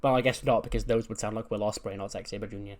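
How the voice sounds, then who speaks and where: A man's voice: fairly low pitch, fairly even intonation, fast. A man hosting a let's play of a wrestling management game, recapping results in a casual, rambling, joking way. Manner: casual, rambling, joking, with fillers like "you know".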